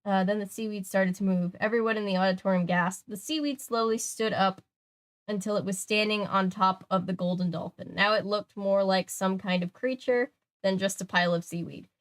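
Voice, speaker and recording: Young woman reading a kids book out loud, jokey little asides. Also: medium pitch, fairly even intonation, moderate pace. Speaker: channel host. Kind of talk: casual reading aloud with commentary.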